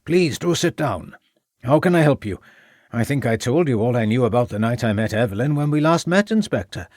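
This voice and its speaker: A man voicing a loud older Welsh headmaster who turns cautious, in an audiobook. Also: medium pitch, lively intonation, no echo, clean studio sound, natural voice. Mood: guarded. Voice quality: loud, measured.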